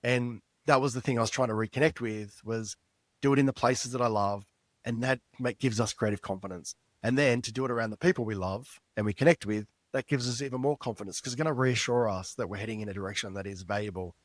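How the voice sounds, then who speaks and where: This guest author, a middle-aged man, talks fast in a mid-range voice with no echo. He's recounting a personal story on a podcast storytelling interview, and his tone is sincere and thoughtful.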